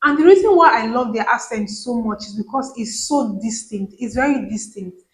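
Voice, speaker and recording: A Nigerian-accented woman talking to her camera in a loose, chatty way. Her voice sits a little high, and she often says a word twice or three times to stress it. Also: animated, normal speed, rough recording. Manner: chatty, repeats words for emphasis. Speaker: vlogger. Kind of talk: casual chat to camera.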